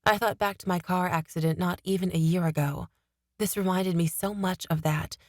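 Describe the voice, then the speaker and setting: A woman narrating a fantasy novel in the first person, steady and expressive, on a studio mic. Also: fairly low pitch, moderate pace, no room sound. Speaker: audiobook narrator.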